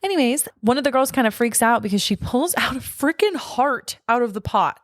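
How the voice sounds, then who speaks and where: A woman's voice: a little high, expressive, a little fast, no echo, clean studio sound. A woman co-hosting a casual podcast, recapping movie scenes in a chatty, giggly way. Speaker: podcast co-host.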